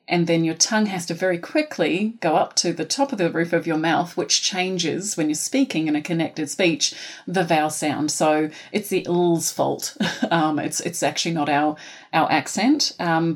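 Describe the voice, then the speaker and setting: A woman with a New Zealand accent, a teacher answering podcast questions in a careful, explanatory way with frequent ums. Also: low voice. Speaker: phonics intervention teacher, guest.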